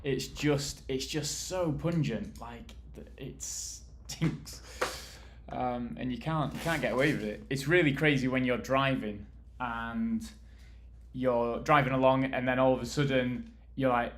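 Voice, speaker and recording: A man's voice: medium pitch, fairly even intonation, measured pace, a bit bright, a little hiss or hum. A British man from the UK chatting casually with viewers on a live stream, rambling and laughing easily while he assembles furniture and moves around. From United Kingdom.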